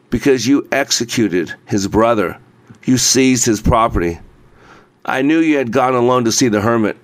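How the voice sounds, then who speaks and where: A man's voice: medium pitch, lightly acted. A man voicing a wounded, repentant bearded man in a storybook, speaking weakly and pleading for forgiveness. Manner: weak, pleading.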